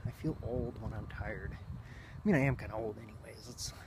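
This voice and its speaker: A nasal-voiced man in his thirties rambles earnestly to his camera in a casual vlog, with a few self-mocking jokes. He sounds short on sleep, and steady traffic noise runs behind him. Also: lowish voice, normal speed. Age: 30s. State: sleep-deprived. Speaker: vlog host and father. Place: outdoors while walking between offices. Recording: noisy street and traffic sound.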